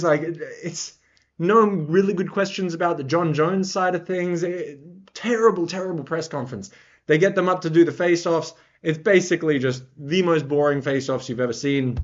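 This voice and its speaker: A man's voice: a little high, lo-fi sound. A man giving casual, rambling reaction commentary on fights as a vlogger. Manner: rambling, excitable.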